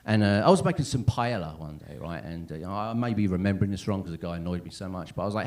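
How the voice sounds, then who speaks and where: Lively, rambling man in his thirties. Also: sits low, fast, hardly any pauses, a little hiss or hum. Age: 30s. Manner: rambling, self-deprecating, lots of "right?" and "yeah?". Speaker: stand-up comedian. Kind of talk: stand-up comedy set. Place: comedy club stage.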